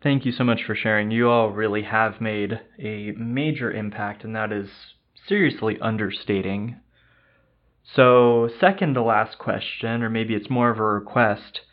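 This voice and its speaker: A man's voice: on the low side, steady tone, a little slow. A man hosting a panel, speaking in an upbeat, appreciative way. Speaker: host. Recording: dull lo-fi sound.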